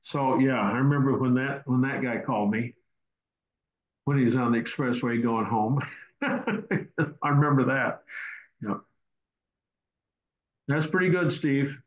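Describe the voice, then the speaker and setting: A man's voice: medium pitch, a little slow, pauses often. A man hosting a casual question-and-answer teaching session over a video call, rambling and repeating words as he goes. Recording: roomy, dull online call audio.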